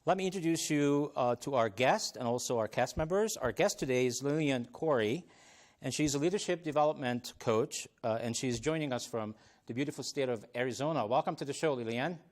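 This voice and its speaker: Brief: male talk show host, mid-pitched, affable, laughs easily, lots of filler words, live TV studio panel. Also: a little fast, a little mellow. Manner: friendly, chuckles often, many ums and restarts.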